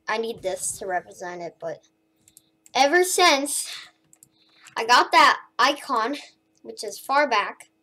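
A woman giving casual commentary over her own gameplay as a streamer, excitable and prone to shouting and squealing when she gets hyped. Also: fairly high pitch. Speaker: gaming streamer.

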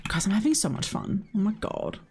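A woman streaming a shooter game, chatting excitably to her viewers and giggling at her own plays. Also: mid-range voice, fairly quick, husky. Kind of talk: casual gameplay commentary to viewers.

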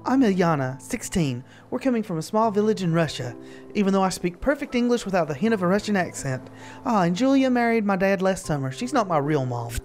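A man's voice: high-pitched, very animated, a little fast, a little mellow, faint music behind, pitched above the performer's own voice. A man voicing a chatty sixteen-year-old girl who rattles along apologetically.

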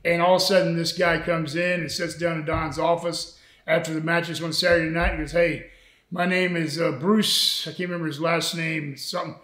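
A man's voice: a little high, level tone, normal speed, fairly bright tone, roomy sound. An older man, a retired wrestler telling old road stories in an interview, folksy and full of laughs and fillers. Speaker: retired wrestler and former booker. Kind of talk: storytelling interview.

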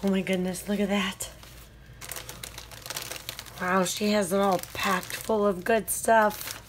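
Gushing, slow-talking woman opening a craft swap. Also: mid-range voice, level tone, slight background noise. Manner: gushing, effusive exclamations; talks to the sender directly. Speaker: craft vlogger. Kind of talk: unboxing a mail swap.

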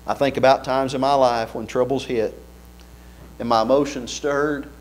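A man's voice: medium pitch, steady tone, moderate pace. A man preaching an earnest sermon in a church, building fervor with repeated phrases.

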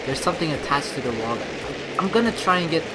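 A let's play gamer giving excitable gameplay commentary, swearing freely and laughing often, with game music playing behind. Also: medium pitch, fast, heavy background noise.

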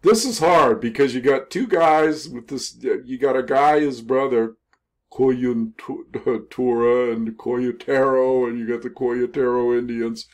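An older man telling a history story in a casual, rambling way, with many pauses, fillers and self-corrections. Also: medium pitch. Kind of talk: casual spoken history narration over photos.

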